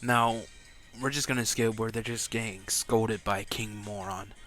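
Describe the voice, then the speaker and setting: A man's voice: on the low side, steady tone, unhurried, sharp tone, soft background music. A man telling an improvised fan story in a casual, rambling way, stumbling and correcting himself.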